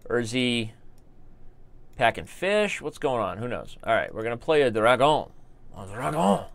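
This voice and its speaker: A man's voice: mid-range voice, sing-song, moderate pace, vocal fry. An American man commentating his live online chess games, joking and rambling as he talks to viewers in the chat. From United States.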